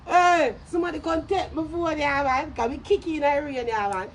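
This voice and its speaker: A young Jamaican woman ranting loudly in commentary, profane and brash, bursting into shouts and cackling laughter. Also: sits high, a little hiss or hum. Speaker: social media commentator.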